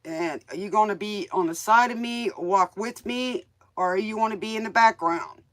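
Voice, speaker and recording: Smoky-voiced woman host, bright and forceful, rambling and folksy as she reads tarot for viewers. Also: mid-range voice, normal speed. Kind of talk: casual live tarot reading chat.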